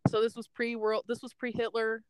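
A woman's voice: fairly high pitch, completely flat delivery, brisk, a little hiss or hum, rough recording. A young woman hosting a podcast, telling a story in a casual, rambling way and laughing often. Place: in a parked car.

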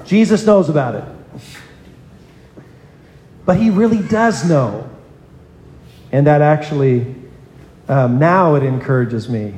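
A man's voice: a little high, animated, a little slow, pauses often, darkish tone. A man preaching a sermon in a church, earnest, calling on children in the congregation by name. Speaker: pastor. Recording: echoey hall with long reverb.

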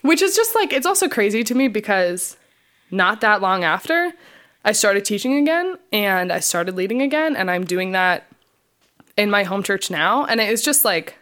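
A woman's voice: medium pitch, big pitch swings, normal speed, a bit bright. A young adult woman, a podcast co-host, casually telling her personal testimony in a chatty way, full of fillers and re-enacted quotes of her past self.

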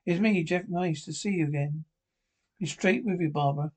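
An actor playing a shy, widowed older Scottish man in a sitcom, with a hesitant, halting way of talking. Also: on the high side, natural voice. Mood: nervous. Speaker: sitcom character. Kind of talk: sitcom acting.

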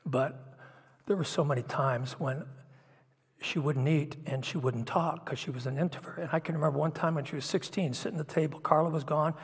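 Middle-aged preacher, husky voice, big hall. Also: male voice, fairly high pitch, steady tone, fairly quick. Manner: emotional, confessional storytelling with swings from hushed to loud. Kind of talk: sermon.

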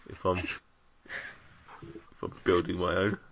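Teasing low-voiced podcast co-host man. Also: little pitch movement, unhurried, creaky, muffled recording, a little hiss or hum. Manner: dry, teasing, trails off quietly. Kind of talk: casual podcast banter.

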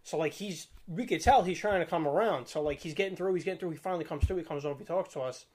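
A young man rattles off a story in loose, slangy chat. His delivery is quick and a touch high-pitched, full of filler and asides. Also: darkish tone, breathy edge. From Staten Island, New York. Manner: rambling, slangy, laughs while telling.

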